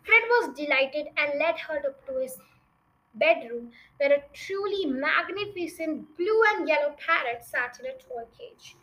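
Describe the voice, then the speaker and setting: A woman reading a children's book aloud in an expressive storytelling manner. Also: high-pitched, unhurried.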